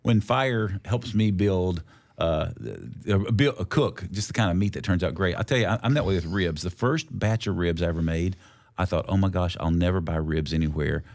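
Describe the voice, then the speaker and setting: A man's voice: low voice, normal speed. A middle-aged man co-hosting a podcast, chatty and encouraging, laughing easily. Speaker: podcast co-host. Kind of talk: casual chat.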